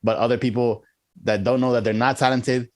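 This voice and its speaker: A man's voice: mid-range voice, steady tone, brisk, no room sound. A man co-hosting a podcast, rambling and laughing as he talks over a movie. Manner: giggly, rambling with restarts. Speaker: podcast co-host. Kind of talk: casual movie review chat.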